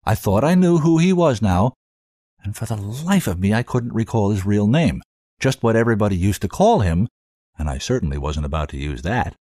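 A man hosting a show and reading fiction aloud in an expressive storytelling manner. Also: fairly low pitch, moderate pace, dry recording, studio quality. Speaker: host and reader. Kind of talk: scripted fiction narration.

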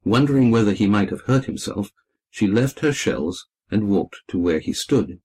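A man narrating a children's storybook in a measured, descriptive reading. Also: on the low side, lively intonation, mellow, slightly rough. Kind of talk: scripted narration.

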